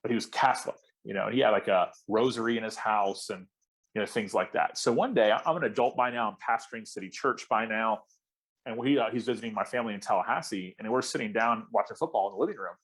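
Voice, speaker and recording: Male pastor, husky tone, casual chatty storyteller at a leaders' lunch. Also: lowish voice, fast talker, fairly bright tone. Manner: storytelling, conversational with frequent fillers and restarts. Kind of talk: speaking to church leaders. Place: event hall.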